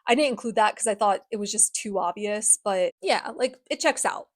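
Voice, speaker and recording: A woman in her twenties giving a comedic book recap, animated and sarcastic, laughing often. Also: mid-range voice, moderate pace, dry recording, studio quality. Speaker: book vlogger.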